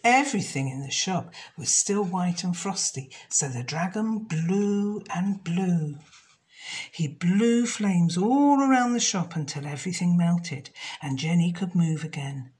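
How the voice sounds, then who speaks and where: A woman reads a children's storybook aloud at an unhurried pace. Her voice is on the low side but lilts up and down expressively. She drops into a soft, breathy hush at suspenseful moments. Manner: slow, expressive and lilting.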